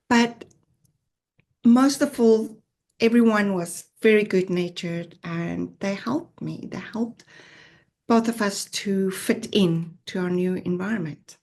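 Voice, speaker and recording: South African woman, podcast guest, unhurried earnest storyteller with a mid-range voice. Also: mid-range voice, steady tone. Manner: earnest, reflective, with soft laughs. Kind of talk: personal storytelling interview.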